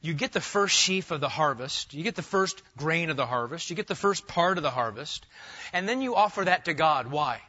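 A middle-aged man preaching an expository sermon, lively and conversational, asking the congregation questions. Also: fairly high pitch, a little fast, dull audio. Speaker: pastor.

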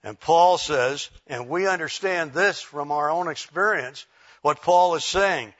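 Man preaching a sermon, bright lo-fi sound. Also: a little high, a little slow. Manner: conversational preaching, frequent "all right?" check-ins. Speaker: pastor.

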